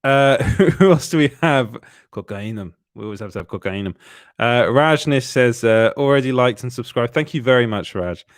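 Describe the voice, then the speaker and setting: A man's voice: mid-range voice, expressive, normal speed, no echo, clean studio sound. A tired man hosting a live stream, chatting casually with lots of filler words and little chuckles. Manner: rambling, many "uh" fillers, frequent chuckles. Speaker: host of a live show.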